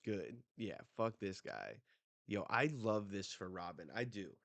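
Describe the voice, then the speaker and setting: A man hosting a live manga reading reaction, casual and animated, swearing freely as he gets excited. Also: fairly low pitch, measured pace, gravelly, dry recording.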